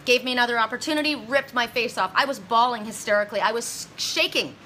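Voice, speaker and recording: A woman psychic medium talks to her viewers with a fairly high, sharp voice at a quick pace, and there is slight background noise. Her monologue is intense and rambling, with many restarts and dramatic retellings in which she voices the quotes.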